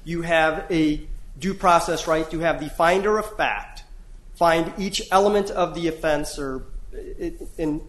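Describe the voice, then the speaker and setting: Brief: male lawyer, slightly high voice, earnest, restarts phrases, echoey courtroom. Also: measured pace, fairly bright tone. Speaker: appellate lawyer. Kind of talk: courtroom oral argument.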